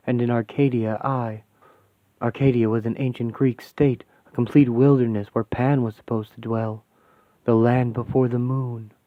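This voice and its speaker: A man's voice: mid-range voice, no room sound, close to an everyday voice. Guy doing a young woman mystic, all breathless wonder, tinny phone-ish sound, dry. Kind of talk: fan radio-play acting.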